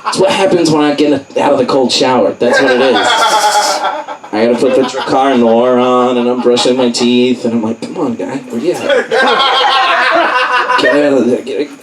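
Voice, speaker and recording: A man's voice: medium pitch, normal speed. A man from Arkansas doing a crude, profane, rambling stand-up set in a small comedy club with a live audience. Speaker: stand-up comic. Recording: distant mic, loud room noise.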